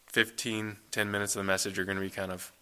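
Pastor, young man, sharp and fairly low voice, laid-back sermon delivery. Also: level tone, quick pace, smooth. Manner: casual conversational preaching with fillers.

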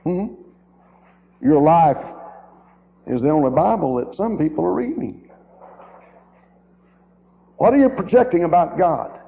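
A fairly high-voiced man preaching a sermon, driving his points home with rhetorical questions and repeated phrases. The sound is thin and boxy, like an old tape played over a phone line. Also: animated, unhurried, vocal fry, pauses often. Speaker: guest preacher. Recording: tinny, narrow-band old tape recording.

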